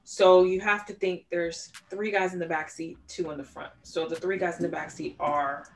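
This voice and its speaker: Woman, low-ish voice, podcast co-host, animated true-crime storyteller. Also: normal speed, vocal fry, slight background noise.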